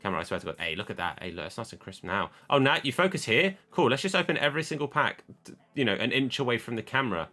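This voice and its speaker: This man keeps up a chatty running commentary while opening card packs, poking fun at himself and telling off his camera for losing focus. He talks quickly in a mid-range voice that is very animated, bright, and forceful.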